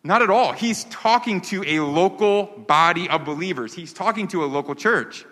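A man's voice: sits high, animated, moderate pace, bright, forceful tone. A man preaching a sermon as pastor, earnest and emphatic, repeating key phrases for weight. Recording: long hall reverb.

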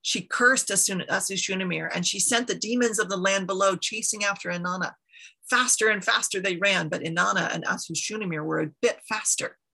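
Gravelly, bright-voiced woman storyteller. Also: lowish voice, low-quality recording. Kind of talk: storytelling a myth with casual asides.

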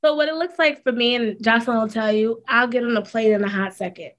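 A woman's voice: on the high side, fast talker. A woman, a school counselor, talking candidly and with energy as a guest in a casual interview. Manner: candid, animated storytelling with fillers.

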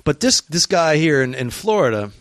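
A man with a slightly high voice tells road stories on a podcast, cursing freely and jumping into animated impressions of the people he met. His voice is close and dry, with no room sound behind it. He sounds like a working stand-up comic unwinding in a hotel room. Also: moderate pace, no echo. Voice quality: profane, animated storyteller who acts out quotes. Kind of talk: casual storytelling chat.

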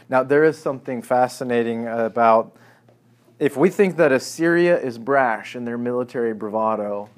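Male preacher, mid-pitched, conversational sermon delivery that swells into dramatic scripture reading. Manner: animated, acting out scripture quotes with sarcasm.

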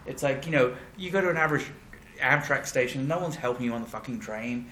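British man, bright voice, echoey room. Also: medium pitch, a little hiss or hum. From Britain. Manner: rambling, halting, profane. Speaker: podcast co-host. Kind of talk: casual podcast chat.

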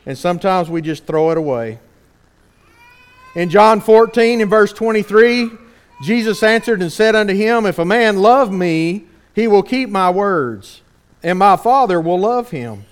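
A man with a fairly high voice preaches in a drawl. He is earnest and animated and keeps asking his listeners pointed rhetorical questions. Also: measured pace. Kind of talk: sermon.

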